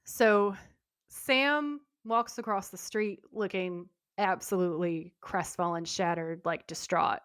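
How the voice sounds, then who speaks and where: A woman's low-leaning, clean voice moves at a slow pace as she co-hosts a podcast, chatting casually through a TV episode recap and acting out quotes like a lively storyteller. The sound is studio quality, without echo.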